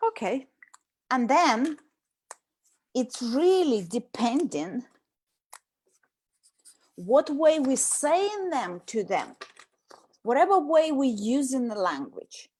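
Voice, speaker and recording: High-voiced animated woman talking. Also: takes it slowly, pauses often, breathy edge. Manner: animated, acts out nagging quotes. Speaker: host. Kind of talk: casual talk on communication.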